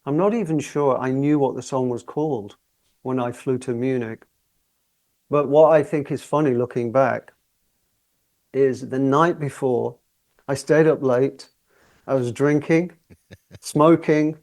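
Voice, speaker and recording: A man's voice: medium pitch, unhurried, long pauses, darkish tone. Chatty older man telling anecdotes. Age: 60s. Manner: chatty, often laughing while telling anecdotes. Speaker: guest singer. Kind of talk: relaxed storytelling interview.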